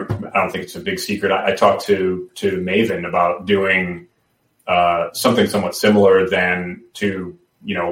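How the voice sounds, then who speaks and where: Low guy rambling on a podcast, lots of restarts, sounds far off in a roomy space. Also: a bit bright. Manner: rambling, many restarts and fillers. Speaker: podcast guest. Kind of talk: casual chat. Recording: roomy, distant from the mic.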